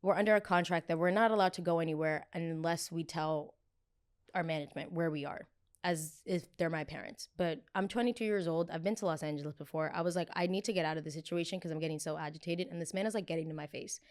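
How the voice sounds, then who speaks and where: A podcast host in her twenties tells a story quickly in a low-sitting voice. She's casual and animated, acting out arguments and swearing freely.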